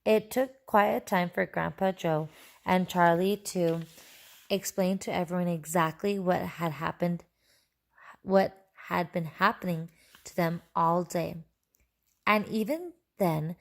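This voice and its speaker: A woman reading a children's book aloud, telling the story in a steady, expressive way and adding short asides of her own. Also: on the low side, measured pace, vocal fry. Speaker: reader.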